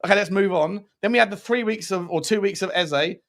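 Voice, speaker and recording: A man's voice: sits high, fairly quick, fairly bright tone. A man hosting a casual live-stream football chat, joking and reading out viewer messages. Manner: chatty, jokey, reads out viewer messages. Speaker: podcast host.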